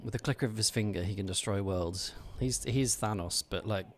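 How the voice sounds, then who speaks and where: A game streamer chats playfully with his viewers during live gameplay, teasing and thanking them in a loose, talkative way. His voice is on the low side at normal speed, picked up by a streaming microphone with slight background noise.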